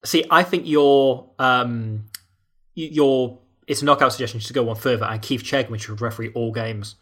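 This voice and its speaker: A man's voice: medium pitch, normal speed, a bit bright. A Welsh man co-hosting a casual chat, laughing often and reading an article aloud with mock drama. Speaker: podcast co-host.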